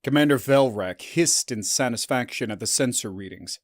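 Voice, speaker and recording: A man reads a science-fiction story in a measured, subdued narration. His voice sits at an ordinary middle pitch. The sound is dry and close, with no room around it. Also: no echo. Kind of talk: scripted sci-fi story narration.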